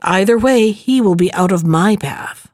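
A woman's voice: mid-range voice, a little slow, darkish tone, no echo, studio quality, lightly acted. A woman voicing a spiteful, envious young male courtier who talks slyly and wheedles. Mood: scheming. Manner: sly, wheedling, feigning fear.

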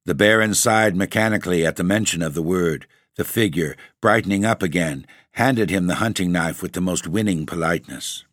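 A man narrating a classic ghost story in a theatrical, measured reading. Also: deep voice, fairly bright tone, no echo, studio quality.

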